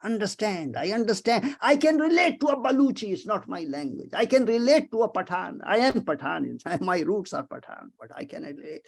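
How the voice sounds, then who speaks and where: Older man on a video call, fairly high voice with lots of gravel, gets emotional and rhetorical, repeats himself. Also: a little mellow. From Pakistan. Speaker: economics professor, guest speaker. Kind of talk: impassioned webinar talk.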